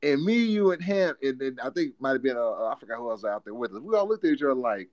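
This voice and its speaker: A man in casual chat who rambles, repeats himself and gets loud with excitement. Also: mid-range voice, quick pace, dry recording, lo-fi sound.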